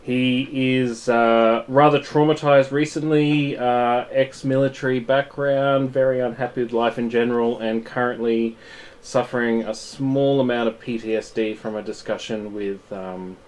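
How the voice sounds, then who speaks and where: A man's voice: medium pitch, fairly even intonation, measured pace. A man describing his game character in a self-mocking, joking way during casual table chat. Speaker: player.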